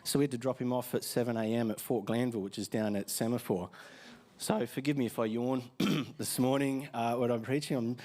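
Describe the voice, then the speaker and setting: This pastor has an Australian accent and sounds tired, though he talks fairly quickly in a steady, darkish, mid-range voice. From the church stage, his casual sermon is story-driven and packed with fillers and restarts.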